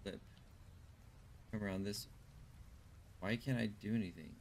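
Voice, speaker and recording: A man's voice: lowish voice, measured pace, a little mellow, a little hiss or hum. A man casually commenting while he plays a video game and chats with viewers, thinking aloud as he goes. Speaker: streamer.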